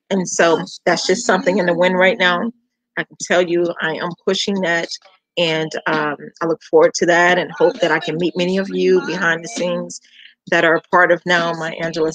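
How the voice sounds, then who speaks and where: A middle-aged woman from Georgia with a Southern accent, hosting her food page in a warm, chatty welcome talk that repeats words for emphasis. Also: lowish voice, rough recording. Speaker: home cook and food page host. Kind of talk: casual heartfelt welcome chat.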